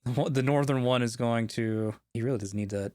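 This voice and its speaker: A man's voice: medium pitch, fairly quick, a little mellow, dry recording. Guy running a tabletop game, dry close sound, casual rules talk. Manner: casual, explains rules and rolls. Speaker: game master.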